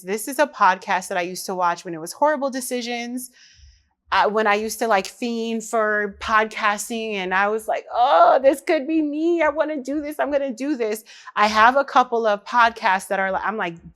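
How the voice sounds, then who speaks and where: A woman's voice: mid-range voice, fairly bright tone. A woman, chatting candidly and directly to her viewers. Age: 30s. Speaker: vlogger. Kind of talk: casual chat to camera.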